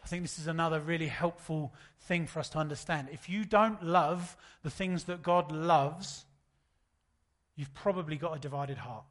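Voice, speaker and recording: A man, preaching a sermon in a relaxed, storytelling way. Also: on the high side, moderate pace. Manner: conversational, anecdotal preaching. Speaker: pastor.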